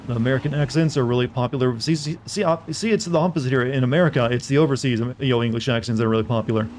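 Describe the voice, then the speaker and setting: A man's voice: mid-range voice, racing, darkish tone. Southern guy rambling over gameplay, joking around with chat, bit of background hiss. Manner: rambling, jokey, chatting with viewers. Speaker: streamer. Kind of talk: casual gameplay commentary.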